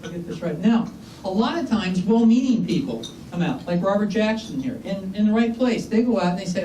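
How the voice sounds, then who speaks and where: Man, geology lecturer, joking and conversational, higher-pitched voice, distant mic in an echoey room with faint hiss. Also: lively intonation, brisk, dark tone. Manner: chatty, joking, asks the audience questions. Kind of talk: informal lecture with anecdotes.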